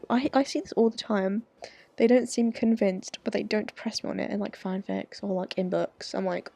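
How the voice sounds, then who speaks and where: Gravelly-voiced woman streaming a dating game. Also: medium pitch, brisk, dark tone, dry recording, faint music behind. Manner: chatty, swears freely, jokey asides. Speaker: gaming streamer. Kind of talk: casual game commentary and reading aloud.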